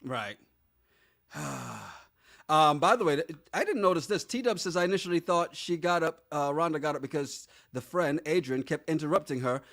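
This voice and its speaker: Male podcast co-host, high and animated voice, laughs a lot, reads listener comments. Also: moderate pace. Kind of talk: casual chat.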